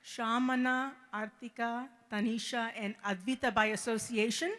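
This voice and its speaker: A middle-aged woman with a fairly high voice gives an emotional speech at a wedding reception as the bride's mother. She talks haltingly, repeating words as she expresses deep gratitude. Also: steady tone, a bit bright, a little hiss or hum.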